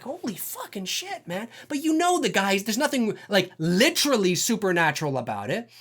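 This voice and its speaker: A man's voice: high voice, a bit bright. A man delivering an unscripted, profane film rant, emphatic and full of fillers. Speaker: film commentator.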